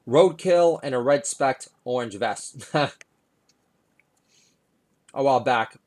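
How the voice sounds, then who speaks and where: A man's voice: medium pitch, lively intonation, slow pace, long pauses, darkish tone. Sardonic middle-aged male comedian. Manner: sardonic, filler-heavy delivery with frequent "uh". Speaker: comedian and podcast host. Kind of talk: rambling comedic monologue.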